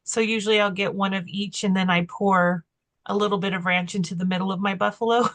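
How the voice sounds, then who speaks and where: A woman's voice: mid-range voice, steady tone, brisk. A middle-aged woman co-hosting a podcast, chatting casually and rambling, tired and with a slight lisp. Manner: chatty, rambling, self-deprecating. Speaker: podcast co-host. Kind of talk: casual chat.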